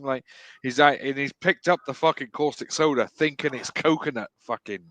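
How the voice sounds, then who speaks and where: A middle-aged man hosting a livestream, telling rough, swear-filled work stories on a video call. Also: mid-range voice, fairly quick, a bit bright, dry recording. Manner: swearing, laughing anecdotes. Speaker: livestream host. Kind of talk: casual chat, storytelling.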